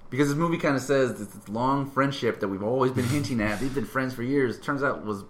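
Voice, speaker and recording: A man's voice: medium pitch, a little fast, slight background noise. A man chatting casually about a film, rambling and restarting his sentences.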